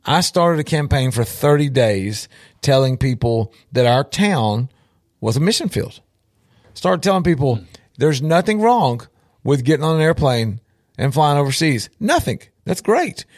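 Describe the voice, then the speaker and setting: A man's voice: mid-range voice, lively intonation, a little slow, no echo, studio quality. A man, an outreach minister telling a story with emphatic repetition and direct appeals to listeners. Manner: emphatic, repeats for effect, addresses listeners directly. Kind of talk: storytelling testimony.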